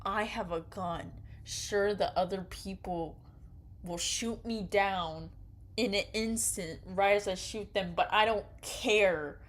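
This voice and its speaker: A young woman reading an interactive story game aloud and reacting to it excitably, often yelling and laughing. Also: medium pitch, slow pace. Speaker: game streamer.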